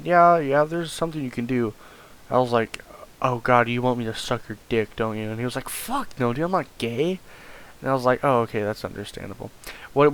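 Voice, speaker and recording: A man telling a rambling comedic story, stammering and repeating words and swearing often. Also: mid-range voice.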